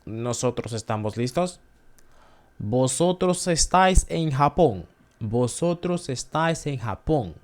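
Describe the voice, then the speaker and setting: A man leads a relaxed beginner Spanish lesson, talking slowly with a lively, up-and-down pitch. He hesitates often, repeats words and corrects himself as he goes, with keyboard typing behind him. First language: not Spanish. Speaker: language video host. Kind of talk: casual screen-share lesson.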